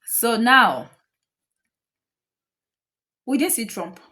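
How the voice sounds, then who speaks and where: A woman's voice: fairly high pitch, very animated, extremely slow, bright, forceful tone. A woman with a Nigerian accent, hosting a casual reaction commentary and chatting directly to her viewers as family, repeating points for emphasis. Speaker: commentary host.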